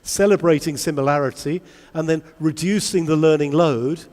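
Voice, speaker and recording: A man giving a lively conference talk to English teachers, asking the audience many questions. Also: a little high, normal speed. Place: large convention hall. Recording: long hall reverb.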